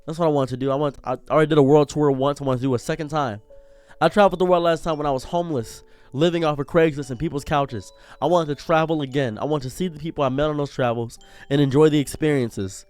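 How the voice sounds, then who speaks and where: An impassioned young man rants with a slightly high voice, his anger spilling over until he is close to tears. Faint music plays under his talk. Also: steady tone, fast, darkish tone, smooth. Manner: impassioned, swinging from angry to near tears. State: holding back tears. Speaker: streamer. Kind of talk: emotional commentary rant.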